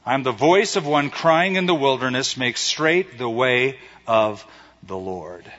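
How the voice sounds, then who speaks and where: A preacher voicing a humble, plainspoken male prophet in a quiet, slow retelling. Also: medium pitch, animated. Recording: echoey hall, slightly dull sound.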